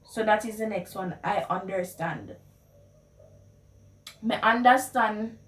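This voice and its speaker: A woman's voice: mid-range voice, normal speed. A Jamaican woman hosting a casual language lesson, playfully repeating phrases. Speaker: video host. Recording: echoey room, mic at a distance.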